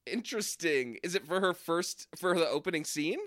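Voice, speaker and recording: Smooth-voiced man, joking podcast co-host. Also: a little high, lively intonation, moderate pace, a bit bright, no room sound, studio quality. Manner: laughing, goofy, swearing freely. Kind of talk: casual comedic chat.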